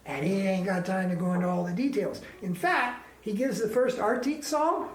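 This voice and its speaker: A swami teaches an informal spiritual class in an ashram classroom, his high-pitched voice moving at a moderate pace, conversational and emphatic and full of rhetorical questions. The recording carries a slight hiss or hum and a roomy echo.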